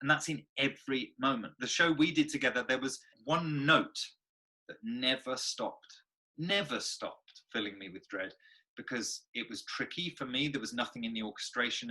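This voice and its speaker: A man, an actor and guest on the show, telling stories in a lively, expressive way. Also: mid-range voice, normal speed. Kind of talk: animated conversational storytelling.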